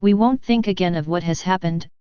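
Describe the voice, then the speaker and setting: A woman's voice: fairly low pitch, brisk, clean tone, no room sound, close to an everyday voice. A woman reading the lines of a cheerful, affectionate elderly male postmaster in an audiobook, with a hearty, coaxing manner. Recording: dull lo-fi.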